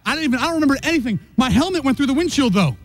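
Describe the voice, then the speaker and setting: A man who just drove in a stunt talks outdoors in short, halting, dazed bursts. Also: extremely high pitch, sing-song, dry recording. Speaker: stunt driver.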